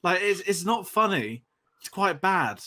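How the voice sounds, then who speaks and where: A man's voice: high voice, sing-song, bright, forceful tone. A man co-hosting a podcast, chatting casually about a film and often stopping to restart his sentences. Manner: hesitant, halting with restarts. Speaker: podcast co-host.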